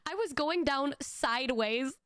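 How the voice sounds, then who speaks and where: A young woman with a high voice tells a story on a stream, animated, laughing often, and swearing freely. She trips over her words and restarts often. The sound is close and dry. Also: no room sound. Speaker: VTuber streamer. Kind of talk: casual storytelling.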